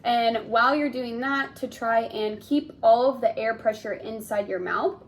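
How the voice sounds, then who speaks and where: A woman's voice: on the high side, a little slow. Encouraging young woman giving clinical instructions. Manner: polite, encouraging, repeats "awesome". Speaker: speech therapy student examiner.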